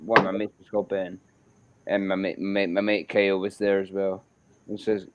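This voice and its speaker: A man's voice: low voice, moderate pace, highs cut off. Scottish guy spinning a yarn, lots of repeating, swears a bunch. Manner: animated, repetitive, swears freely. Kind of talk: casual storytelling.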